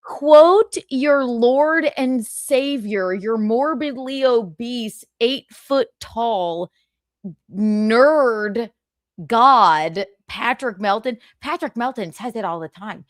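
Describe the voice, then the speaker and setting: A woman's voice: on the high side, animated, very slow, no room sound. Woman streamer roasting some guy on her show, sarcastic and mocky, dry close mic, no room sound. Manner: sarcastic, mocking, combative. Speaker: livestream host. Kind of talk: heated livestream argument.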